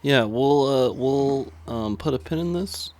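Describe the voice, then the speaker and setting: A man's voice: mid-range voice, a little slow, darkish tone. A man co-hosting a podcast, chatting casually and joking with friends. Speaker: podcast co-host. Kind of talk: casual chat.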